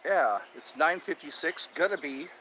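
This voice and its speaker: A man's voice: fairly high pitch, animated, normal speed, sharp tone, slight background noise. Chatty cheerful man streaming outdoors. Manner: cheerful, chatty, repeats himself. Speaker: livestream host. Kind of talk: casual live chat with viewers. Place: outdoors in nature with birdsong. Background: birds chirping.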